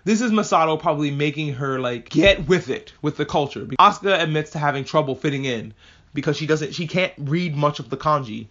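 A podcast host recaps anime episodes in an offhand, foul-mouthed way. His voice sits a little high for a man. The recording sounds muffled and lo-fi. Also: fairly quick. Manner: casual, profane, animated asides. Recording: muffled lo-fi audio.

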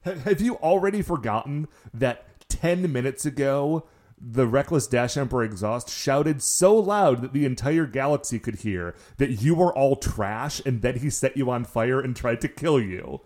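A man's voice: mid-range voice, expressive, normal speed, darkish tone. A man in casual podcast chat, recapping a TV show and fondly correcting plot details. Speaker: podcast co-host.

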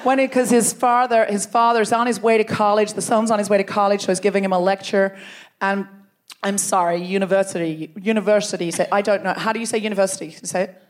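This woman's mid-range voice comes out flat and quick while she hosts a comedy podcast on stage in a large theatre. Facing a live crowd, she banters playfully in stand-up style and often breaks into laughter.

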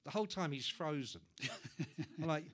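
A man's voice: on the high side, unhurried. A man, hosting a live podcast and telling an anecdote with lots of swearing and acted-out voices. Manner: animated storyteller, swears freely, acts out voices. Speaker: podcast host.

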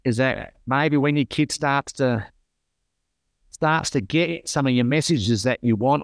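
A man's voice: medium pitch, a little slow, creaky, no echo, studio quality. A middle-aged man with an Australian accent, a podcast guest telling stories in an earnest, rambling way. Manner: earnest storytelling, repeats himself. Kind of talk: casual conversation.

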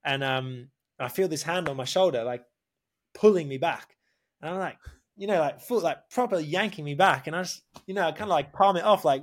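Animated man telling a wild story. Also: a little high, brisk. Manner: animated, swears, says "mate" a lot. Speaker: podcast guest. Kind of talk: casual storytelling chat.

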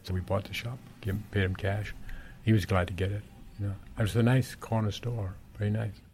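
This corner shop owner from Galway, Ireland, is in his seventies and reminisces in a loose, conversational way, full of chuckles and "you know." He speaks brisk and flat at a fairly low pitch with a darkish tone. There's slight background noise.

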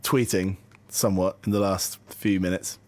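A man's voice: deep voice, fairly even intonation, normal speed, darkish tone. A man co-hosting a podcast in casual chat, easygoing and wry, laughing along with his partner. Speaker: podcast co-host.

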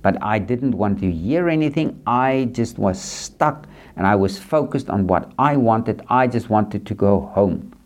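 A man's voice: on the low side, expressive, unhurried, few pauses. A man hosting a podcast, speaking earnestly and repetitively in a reflective, faith-based monologue aimed straight at the listener. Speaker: podcast host.

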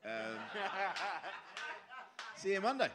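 A man's voice: sits high, sing-song, takes it slowly, crowd noise. A man riffing jokes as a guest on a live comedy panel. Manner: jokey, riffing. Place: live venue with audience.

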